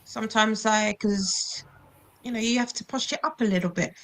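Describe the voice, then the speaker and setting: A woman's voice: medium pitch, moderate pace, a bit bright. A young woman from London with a South London accent, chatting casually on a book club livestream and restarting her sentences often. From London, England. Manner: chatty, with many restarts and fillers.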